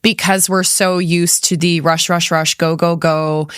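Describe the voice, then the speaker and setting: A woman's voice: on the low side, flat delivery, unhurried, smooth, no room sound, clean studio sound. A woman co-hosting a podcast, reflective as she builds on what her guest says. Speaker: podcast co-host. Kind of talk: casual interview chat.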